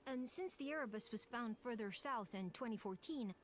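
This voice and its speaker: An actress with a Midwestern American accent voicing a matter-of-fact shipwreck researcher in a game. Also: female voice, a little high, animated, moderate pace, slight background noise, natural voice. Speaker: expedition researcher.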